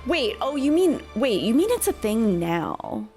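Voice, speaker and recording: A woman's voice: a little high, sing-song, measured pace, warm tone, soft background music. Chatty, foul-mouthed young woman streamer. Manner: chatty, swears freely, answers chat. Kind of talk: casual gaming commentary.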